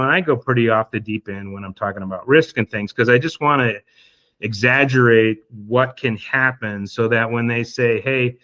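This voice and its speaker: Male podcast guest, relaxed explainer who thinks out loud, slightly muffled recording. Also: mid-range voice. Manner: explains through hypothetical scenarios, many fillers. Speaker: estate planning guest.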